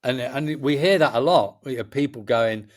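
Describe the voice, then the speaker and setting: A middle-aged Englishman talks as a guest on a chat show. His voice sits at an ordinary pitch, and he speaks passionately. He rambles and restarts his sentences again and again. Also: moderate pace. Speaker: festival promoter, guest. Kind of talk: casual chat.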